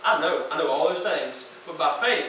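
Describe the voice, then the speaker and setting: A man voicing Jesus as a gentle, earnest figure who repeats himself softly, in an echoey room from far off. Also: on the high side, animated, moderate pace, a little hiss or hum, voice pushed down. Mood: tender.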